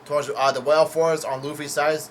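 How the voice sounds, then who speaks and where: A man's voice: fairly high pitch, level tone, fast talker, a little hiss or hum. Hesitant man recapping a comic chapter. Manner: hesitant, full of fillers and self-corrections, casual swearing. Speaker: manga chapter reviewer. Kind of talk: casual chapter recap read-through.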